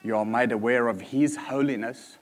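A man's voice: mid-range voice, steady tone, moderate pace. A man preaching a sermon in an earnest manner, repeating key points for emphasis.

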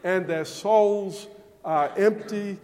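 A man's voice: sits high, slow pace, a little mellow. A man preaching a sermon, speaking emphatically and asking rhetorical questions. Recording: long hall reverb.

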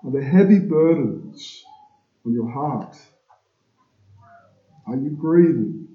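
A man preaching a sermon to his congregation, slow and emphatic, asking rhetorical questions. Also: mid-range voice, expressive. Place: church. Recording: echoey, dull church recording.

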